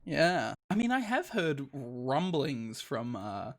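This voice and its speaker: A man's voice: mid-range voice, very animated, slow pace. A man casting a live esports match play-by-play, laid-back and self-deprecating, laughing often.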